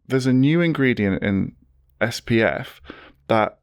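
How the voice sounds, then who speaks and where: Man, casual podcast chat, animated storytelling, dry sound. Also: medium pitch, unhurried, smooth, no room sound. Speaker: podcast co-host.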